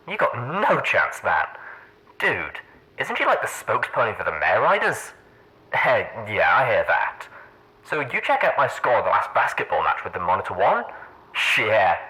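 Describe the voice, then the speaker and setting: A woman voicing a young male pegasus radio operator who curses and pleads, coughing and raspy, heard through an old crackly radio recording. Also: very deep voice, big pitch swings, measured pace, bright, forceful tone, heavily acted. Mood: laid-back banter. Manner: coarse, swearing, desperate pleading. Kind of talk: audiobook character voice.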